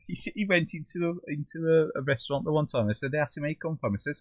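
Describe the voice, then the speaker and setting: A man's voice: fairly high pitch, quick pace, no room sound. A man with a Black Country accent, chatting casually with viewers while he plays a game on a livestream, trailing off and joking as he goes. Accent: Black Country English. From English Midlands. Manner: chatty, swears, drops into funny quoted voices. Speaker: livestream gamer. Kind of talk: casual chat while gaming, reading live chat.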